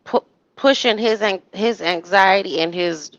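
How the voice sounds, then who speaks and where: A woman chatting casually in commentary, animated, slipping into quoted voices with frequent restarts. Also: mid-range voice, a little slow, no echo, muffled recording.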